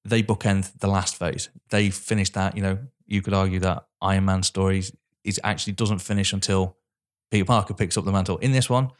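A man's voice: low-pitched, fairly even intonation, fairly quick. A man co-hosting a podcast, chatting casually about films, swearing and correcting himself as he goes. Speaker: podcast co-host. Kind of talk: casual film chat.

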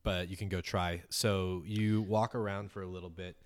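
A man narrating as game master of a tabletop game in a relaxed, rambling way, full of fillers. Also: low-pitched, moderate pace, dry recording.

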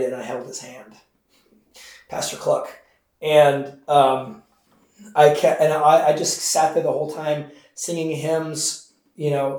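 A male pastor leads a Bible class in a chatty, informal way, with his mellow, somewhat high voice picked up from across an echoey church classroom. He keeps checking in with his listeners and fills his pauses with "um" as he goes. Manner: conversational, with many fillers and asides to the class. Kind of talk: informal Bible study teaching. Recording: echoey room, mic far off.

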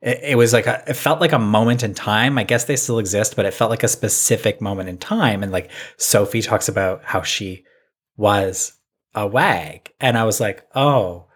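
A man's voice: lowish voice, normal speed, husky. A man from North America co-hosting a podcast, recapping episodes in a chatty, laughing way. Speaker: podcast co-host. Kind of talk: casual chat.

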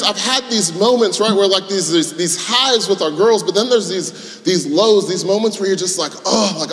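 A man, preaching a sermon in a conversational, self-deprecating way, moving from hushed prayer to loud animated storytelling. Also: high-pitched. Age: 30s. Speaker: pastor. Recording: echoey hall with long reverb.

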